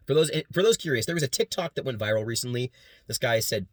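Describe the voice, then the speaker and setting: A man's voice: mid-range voice, animated, a bit bright, dry recording, clean studio sound. Casual young man explaining beatboxing. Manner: casual, quick, demonstrates sounds between sentences. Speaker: student presenter. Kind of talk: class presentation with beatboxing demos.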